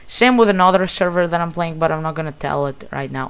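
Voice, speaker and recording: A man with a Greek accent giving casual, excitable commentary while playing a video game. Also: fairly high pitch, quick pace, vocal fry, clear, resonant tone. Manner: excitable, bursts of loud exclamations. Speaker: gamer.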